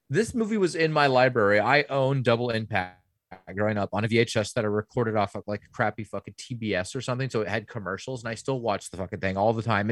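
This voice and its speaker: A man's voice: medium pitch, a bit bright, no echo. Blunt, swearing man on a dry mic. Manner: blunt, swears often, dismissive. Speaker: podcast co-host. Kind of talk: casual movie chat.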